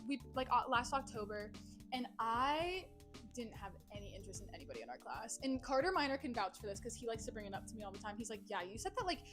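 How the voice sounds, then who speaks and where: A young woman with a high, very lively voice tells a story in casual podcast chat, giggling often and acting out what people said. Music plays in the background. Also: fast talker. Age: young adult. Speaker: podcast guest.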